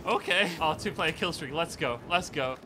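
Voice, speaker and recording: A man giving casual, excitable commentary over his own gameplay, swearing and yelling at the game. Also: a little high, moderate pace, background noise. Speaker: gaming video host.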